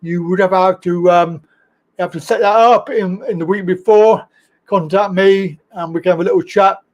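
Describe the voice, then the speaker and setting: A man's voice: sits high, steady tone, moderate pace, a little mellow, lo-fi sound. A man hosting a casual live stream show, chatty and rambling, greeting viewers and laughing at his own slips. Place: home studio, in Thailand.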